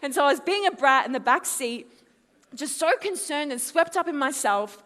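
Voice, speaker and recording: Australian woman in her twenties, high voice, lively testimony storytelling, long hall echo. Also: normal speed. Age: 20s. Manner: lively storytelling, acts out her own quotes loudly. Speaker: conference speaker. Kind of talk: testimony talk at a youth conference. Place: large hall.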